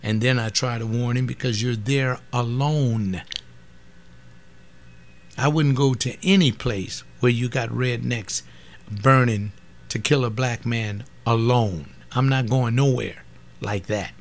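Taking his time, a man in his seventies with a medium-pitched voice hosts a webcast and delivers a casual, impassioned monologue that swells into outrage.

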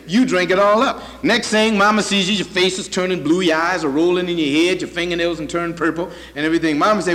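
High-voiced man preaching in a hall. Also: fast, few pauses, fairly bright tone. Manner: emphatic, repetitive, addresses the congregation directly. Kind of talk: sermon. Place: church hall with congregation.

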